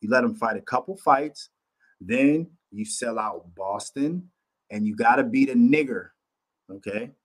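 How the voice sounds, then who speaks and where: A man's voice: medium pitch, unhurried, lightly acted. Blunt middle-aged male fight promoter, put on by a man, explaining plainly, mid-range voice. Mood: matter-of-fact.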